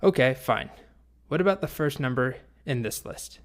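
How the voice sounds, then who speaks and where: A man's voice: mid-range voice, animated, normal speed, close to an everyday voice. A man voicing an earnest, polite young boy apprentice in a spoken story. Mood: asking.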